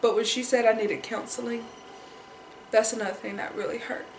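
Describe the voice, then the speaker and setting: A woman's voice: a little high, steady tone, a little fast, echoey room, slight background noise, rough recording. A young woman talking in an emotional personal vlog, upset and repeating herself as she holds back tears. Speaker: vlogger.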